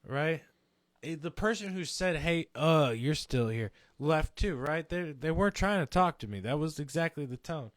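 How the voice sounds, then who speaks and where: Animated young man telling a story, dry sound. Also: on the high side, moderate pace, dry recording. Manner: animated, swearing, acts out quotes. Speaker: podcast guest storyteller. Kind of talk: casual storytelling chat.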